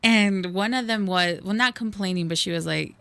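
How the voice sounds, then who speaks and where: A woman's voice: mid-range voice, moderate pace, fairly bright tone, smooth, dry recording. A woman co-hosting a radio show, chatting casually and telling stories by quoting people. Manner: conversational, quotes people while telling stories. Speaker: radio co-host. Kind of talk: casual chat.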